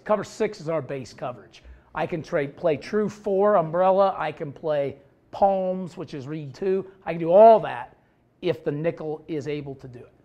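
A man coaching football, talking bluntly and with humor while he explains a defensive scheme. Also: fairly high pitch. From Idaho, USA. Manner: blunt, joking, animated storytelling. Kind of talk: coaching clinic talk.

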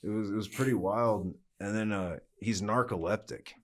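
A man's voice: fairly low pitch, normal speed. A man telling casual stories as a podcast guest, rambling with many fillers and easy swearing. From United States. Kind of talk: casual chat.

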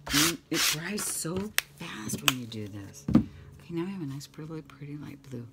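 Chatty middle-aged woman over loud crafting noise. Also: sits low, very animated, moderate pace. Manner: chatty, rambling, self-mocking, often whispering asides. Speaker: craft vlogger. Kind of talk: casual chat while painting. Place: home craft room with the window open. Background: sanding, rubbing and clicking sounds.

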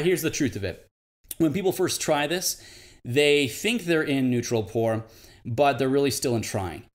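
A man teaching a confidence class in a loose, conversational way. His voice sits at an ordinary middle pitch. Now and then he stops to imitate how other people sound. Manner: conversational, demonstrates tones by mimicking high-pitched greetings. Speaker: confidence coach lecturer. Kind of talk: casual lecture to camera.

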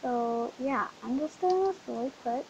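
A woman hosting a casual gameplay commentary, chatty and excitable, full of exclamations. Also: sits high, moderate pace. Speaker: host. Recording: dull lo-fi mic with faint hiss.

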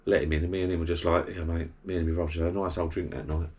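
Man in his 40s, very deep voice, meandering chatty storyteller, garden bar shed. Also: level tone, racing, darkish tone. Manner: chatty, meandering, blokey storytelling with self-corrections. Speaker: vlogger. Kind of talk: rambling anecdotal monologue to camera.

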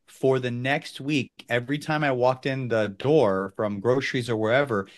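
A man in his thirties, a dog trainer, explaining a training routine in a casual, animated way that sometimes jumps up for loud quoted outbursts. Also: mid-range voice, normal speed, hardly any pauses. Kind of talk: instructional talk.

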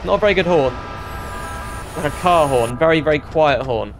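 A man's voice: fairly high pitch, normal speed, background noise. Chatty man playing a train game. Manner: chatty, thinking aloud, bursts of excited exclamations. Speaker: gaming channel host. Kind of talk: let's-play commentary.

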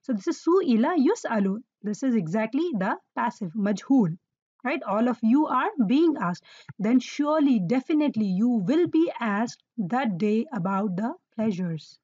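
A woman's voice: on the high side, expressive, brisk, dark tone, no echo, dull audio. Woman teaching grammar, patient and repetitive. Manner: patient, repeats words for emphasis, quizzes listeners. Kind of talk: explaining Quranic Arabic grammar.

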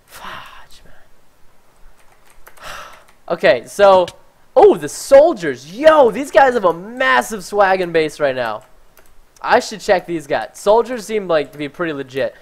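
A man giving chatty, excitable live commentary while playing a game, talking to his viewers and easily startled. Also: sits high, a little slow. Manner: talks to chat and viewers. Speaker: gaming livestreamer.

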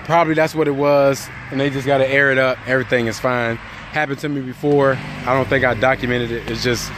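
A man's voice: mid-range voice, steady tone, fairly quick, noisy background. A man who drives a truck, talking casually and jokingly into his phone outdoors, rambling. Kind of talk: casual vlog monologue. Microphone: phone held by hand.

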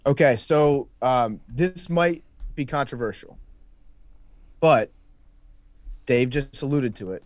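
A man's voice: mid-range voice, slow pace, pauses often, no room sound. A man, a podcast guest, talking casually and explaining his opinions at length.

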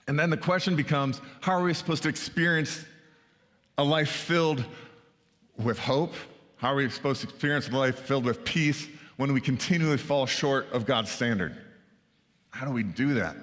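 Speaking at a moderate pace, this man has a medium pitch and a fairly bright tone. He's a pastor delivering a chatty sermon, frequently asking his congregation "right?" The sound carries the long reverb of a church sanctuary.

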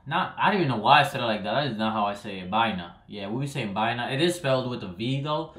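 A young Dominican man chats casually to the camera, loose and slangy, his voice sitting at an ordinary middle pitch. His lines often trail off as he rambles on, and the room gives his voice a noticeable echo. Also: lively intonation, fast talker, fairly bright tone. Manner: loose, rambling and slangy, drifting off at the ends of phrases. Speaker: vlogger. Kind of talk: casual vlog explainer. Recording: echoey room.

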